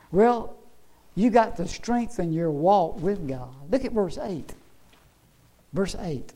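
A man preaches in a high, ringing voice. He swings from loud, emphatic bursts to soft, murmured asides, and his delivery keeps rising and falling. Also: animated, takes it slowly, long pauses, poor audio. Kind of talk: sermon.

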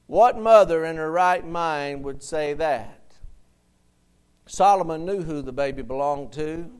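A man preaching a sermon in a high, clear voice. He takes his time, retells scripture in everyday words and pauses to call for an amen from the congregation. His delivery is smooth and resonant. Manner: reads King James verses aloud.

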